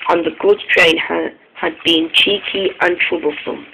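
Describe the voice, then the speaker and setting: A man reading a railway storybook aloud, halting and restarting often. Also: a little high, flat delivery, vocal fry, background noise.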